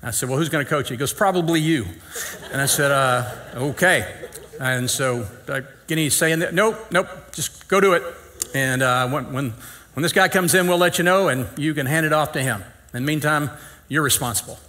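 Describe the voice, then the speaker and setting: A man's voice: on the high side, a little fast, pushed and bright. A middle-aged man, preaching and telling a folksy, funny story, acting out the dialogue. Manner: folksy, acts out dialogue, self-deprecating humor. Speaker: pastor. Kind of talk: sermon storytelling.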